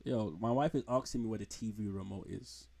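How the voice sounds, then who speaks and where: In a casual home live-stream, this man runs through football players with frank rambling, slang, and blunt insults. He talks briskly in a lowish, warm voice with some vocal fry.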